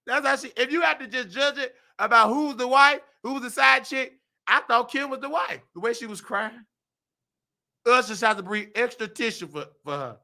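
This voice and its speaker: A man runs a casual commentary show. His voice sits high and sounds very bright. He talks in an animated, preachy way and slips into singing. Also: moderate pace, creaky. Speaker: host. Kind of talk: casual commentary with sung and recited lyrics.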